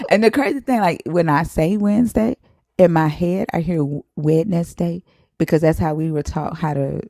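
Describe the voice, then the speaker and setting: A woman with a Southern US twang, talking loosely and warmly with her viewers on a live stream. Her voice sits a bit low and mellow, and the recording is close and dry. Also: unhurried, vocal fry, dry recording. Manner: chatty, laughs often, drawls at times. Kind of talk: casual live stream chat.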